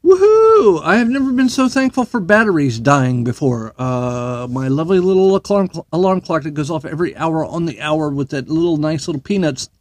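A man's voice: a little high, expressive, brisk, few pauses, dry recording. A man hosting a solo podcast, ranting bluntly and heatedly with plenty of swearing. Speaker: podcast host.

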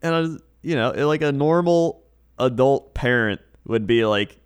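Male co-host, average pitch, relaxed anecdote-telling with playful impressions. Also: measured pace, clean tone. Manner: storytelling with frequent laughs and put-on voices. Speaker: podcast co-host. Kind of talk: casual chat.

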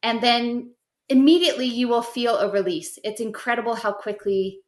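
Middle-aged woman guiding gently, roomy sound. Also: on the high side, steady tone, normal speed. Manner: gentle, instructive, step-by-step guidance. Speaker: guest teaching spiritual practice. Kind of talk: explanatory podcast chat. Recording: roomy echo.

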